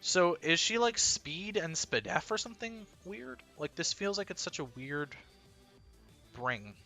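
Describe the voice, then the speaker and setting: A man's voice: fairly high pitch, lively intonation, measured pace, bright, forceful tone, soft background music. A man commentating his own competitive battle live, thinking aloud analytically with bursts of disbelief.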